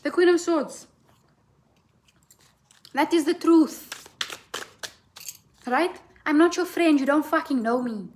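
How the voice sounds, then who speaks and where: A woman's voice: sits high, slow pace, long pauses, darkish tone. A woman giving a tarot reading as a blunt, profane, impassioned rant, asking "right?" again and again. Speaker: tarot reader.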